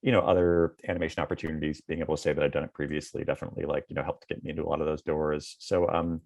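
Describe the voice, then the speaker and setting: A man's voice: a bass voice, flat delivery, very fast, a little mellow. A man in his thirties, a comedy writer, answering interview questions in a rambling way full of fillers.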